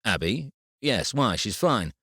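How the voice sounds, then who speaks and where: A man's voice: lowish voice, big pitch swings, takes it slowly, a bit bright, no echo, clean studio sound, pitched above the performer's own voice, exaggerated voice. A man as a groggy, tired father. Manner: sleepy, hesitant.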